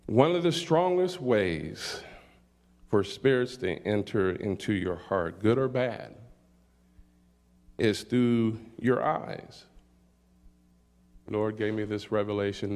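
Slow, deliberate older man preaching. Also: lowish voice, gravelly, darkish tone. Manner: slow, deliberate delivery with scripture readings and call-outs. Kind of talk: sermon.

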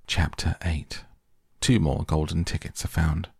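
Low gravelly guy reading a kids book aloud, slow and steady, dry close mic. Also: dry recording. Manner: measured storytelling. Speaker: narrator. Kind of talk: audiobook reading of a children's novel.

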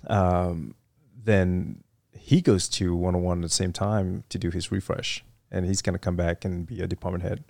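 A middle-aged man with a Vietnamese accent, talking in a loose, rambling way and leaning on "you know" as he tells his story. His voice sits very low with a gravelly fry to it. The recording is dry and close. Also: moderate pace, no echo. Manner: relaxed, rambling, heavy fillers like "you know". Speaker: interview guest, retired Marine fighter weapons officer. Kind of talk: casual interview storytelling.

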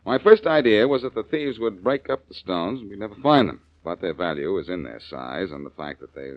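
On a muffled old recording with no echo, a male actor plays a wisecracking, tough private detective in 1940s radio drama. His low-pitched voice has lively intonation, sardonic and quick-witted.

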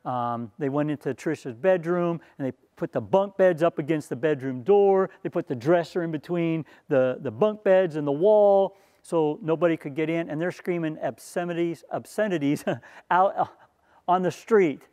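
A man's voice: on the high side, moderate pace, dark tone, no room sound. A man telling a personal story in an earnest, conversational way, slipping into sermon-like appeals. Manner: earnest, conversational, turns preachy at the end. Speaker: speaker sharing a testimony.

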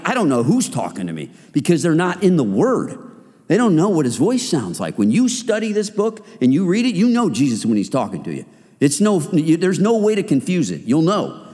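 A man's voice: fairly high pitch, darkish tone, long reverb tail. A man giving a conversational sermon to a group of men, joking and acting out the voices in people's heads. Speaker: men's ministry speaker.

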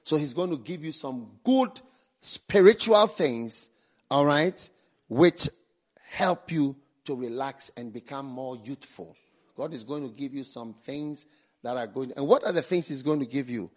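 A man preaching a sermon, repeating key phrases slowly for emphasis and swinging between hushed and loud passages. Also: medium pitch, lively intonation.

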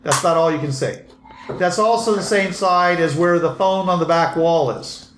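A man narrating a tabletop game as game master, halting with many fillers. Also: a little high. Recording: echoey room with faint noise.

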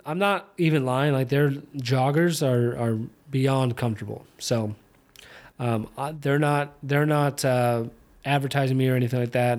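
In a relaxed solo episode of his podcast, a young man rambles while watching fights, stumbling through fillers and restarts. He has a mid-range, somewhat mellow voice, and it takes on a slight Southern twang when country music is mentioned.

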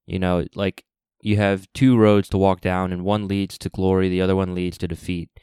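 Low, smooth-voiced man musing on a solo podcast. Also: level tone, mellow, no echo, clean studio sound. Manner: halting, with many restarts and fillers; reflective and earnest. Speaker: podcast host. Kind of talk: unscripted solo podcast monologue.

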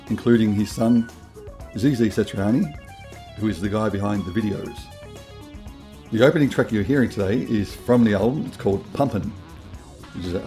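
A friendly Australian man hosts a guitar podcast, his voice low and mellow as he chats easily. Faint guitar music plays softly behind him. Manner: relaxed, friendly, thanks listeners and sponsors. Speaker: podcast host. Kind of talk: casual podcast intro and interview.

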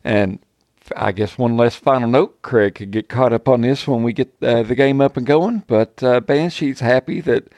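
A man's voice: medium pitch, moderate pace, a little mellow, no echo. A man introducing his character as a player on a tabletop game podcast, rambling and self-deprecating with frequent chuckles. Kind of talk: casual chat.

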